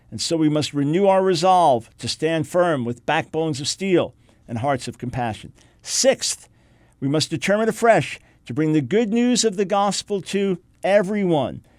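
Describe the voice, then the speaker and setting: A middle-aged man hosting a talk show, reading quotes aloud and delivering a forceful list of points. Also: on the high side, dry recording, studio quality. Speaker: radio talk show host. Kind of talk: reading quotes and preaching on air.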